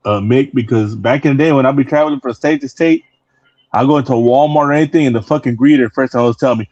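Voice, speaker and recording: A man's voice: medium pitch, fast talker, a little mellow, no room sound, lo-fi sound. A man from Texas telling laid-back, profane stories in casual chat on a call-in.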